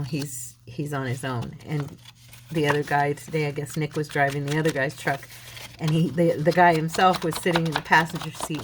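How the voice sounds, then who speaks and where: A woman's voice: low voice, noisy background. A woman hosting a crafting video, telling a rambling story in casual chat as she works. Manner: rambling, chatty storytelling with many restarts. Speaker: crafting channel host.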